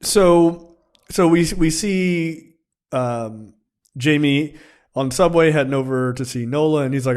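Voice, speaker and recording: Male podcast co-host, casual, animated scene recaps with character voices. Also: fairly high pitch, takes it slowly. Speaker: film review podcast co-host. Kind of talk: casual film review chat.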